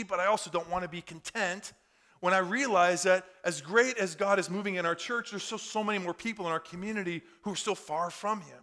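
Bright-voiced fervent pastor. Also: male voice, high voice. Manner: fervent, conversational preaching. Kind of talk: sermon. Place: church in front of a congregation.

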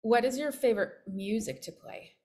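A woman's voice: fairly high pitch, expressive, normal speed, dark tone. A woman interviewer asking a flutist questions with short, encouraging replies. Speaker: interviewer, flute coach.

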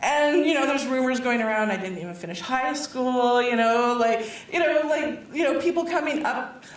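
A woman giving a personal speech at a public event, telling her story in an animated way, full of laughs and acted-out quotes. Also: sits high, normal speed. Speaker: award recipient giving a speech. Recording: echoey hall, mic far off.

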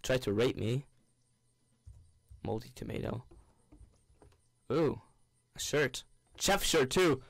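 A man's voice: mid-range voice, expressive, takes it slowly, creaky, pauses often, no room sound. A young man giving goofy, rambling commentary on a game he is playing, with bursts of panicked shrieks. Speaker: gaming YouTuber. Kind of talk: let's play commentary.

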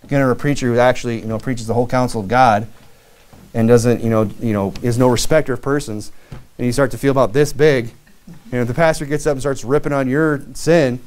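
A man from Michigan preaching a sermon, animated, with many asides and acted-out quotes. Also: medium pitch, brisk, clean tone. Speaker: pastor.

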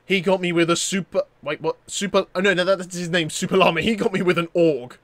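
A young man with a high, bright-sounding voice narrates his gameplay in a loose, joking way. He gets excited quickly and stumbles into stammered restarts as the action unfolds. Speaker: gaming YouTuber. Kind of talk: casual gameplay commentary.

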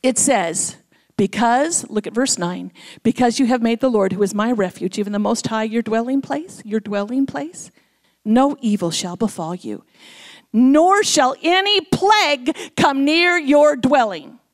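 Animated woman preaching a sermon. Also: a little high, moderate pace. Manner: animated, acts out quoted voices. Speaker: guest speaker. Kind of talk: sermon storytelling. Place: church.

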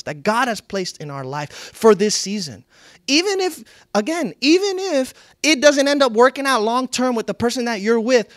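Male pastor, high voice, dry close sound, preaches in loud bursts and quiet moments, repeats himself for emphasis. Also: no echo. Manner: dynamic, swinging from loud to hushed; repeats key phrases for emphasis. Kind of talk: sermon.

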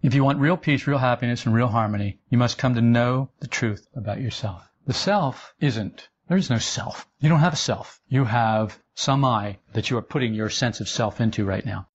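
A man giving an esoteric talk to a group, lively and humorous, acting out little imagined dialogues and laughing at himself. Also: mid-range voice, moderate pace, few pauses. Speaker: spiritual teacher. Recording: dull lo-fi sound.

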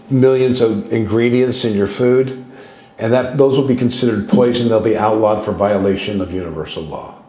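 Speaking as a guest on contact experiences, a sixty-something man with a medium-pitched, darkish voice rambles through anecdotes, often restarting sentences and acting out quoted dialogue. The sound is roomy and echoey.

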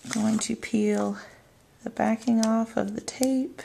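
Woman crafting instructor, unhurried, gravelly voice, calm step-by-step delivery. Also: fairly high pitch, a little hiss or hum. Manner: calm, narrating her hands-on work. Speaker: card-making demonstrator.

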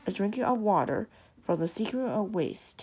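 A woman's voice: medium pitch, expressive, moderate pace, a little mellow, slightly rough. A woman reading a storybook aloud, voicing a helpful male servant giving directions.

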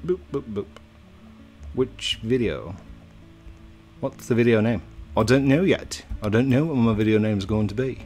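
A man's voice: lowish voice, moderate pace, a little mellow, soft background music. A young man chatting playfully while playing a building game, laughing often and talking to his viewers. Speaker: gaming YouTuber. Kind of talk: casual gameplay commentary.

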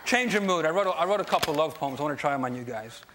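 A young man from New Jersey doing a stand-up set on a late-night TV show, with punchy, energetic joke delivery and loud asides. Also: on the high side, rapid-fire, over a noisy crowd, heavy background noise. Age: young adult. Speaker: stand-up comedian. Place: TV studio stage before a live audience. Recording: live TV studio with loud audience laughter.

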